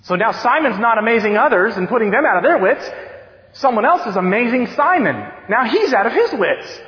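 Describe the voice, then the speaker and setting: Animated preacher in a reverberant church. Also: male voice, extremely high pitch, a little fast. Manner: animated storytelling, acts out excited voices. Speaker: youth director preaching. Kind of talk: sermon. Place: church sanctuary. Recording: dull sound with long church reverb.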